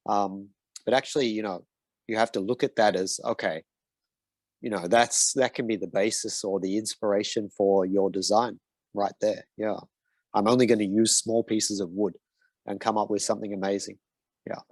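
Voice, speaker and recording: A man's voice: on the low side, steady tone, moderate pace, darkish tone, no echo. A man answering design questions as a mentor, in a casual and hesitant way with many fillers and restarts. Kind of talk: casual Q&A in an online session.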